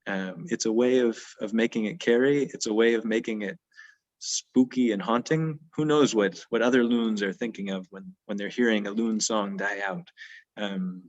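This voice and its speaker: A man's voice: fairly low pitch, normal speed, darkish tone, lo-fi sound. A man leading a poetry and birdsong session, talking thoughtfully with frequent hesitations. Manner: thoughtful, hesitant, many ums. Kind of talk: discussing poetry.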